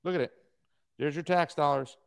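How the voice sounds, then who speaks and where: Male co-host, high voice, dry mic, heated profane ranting. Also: moderate pace, creaky, clear, resonant tone, dry recording. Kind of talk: casual political talk show.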